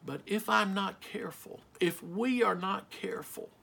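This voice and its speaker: A middle-aged male pastor preaching a sermon, slow and emphatic, asking the listeners rhetorical questions. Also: sits high, vocal fry, sharp tone, husky.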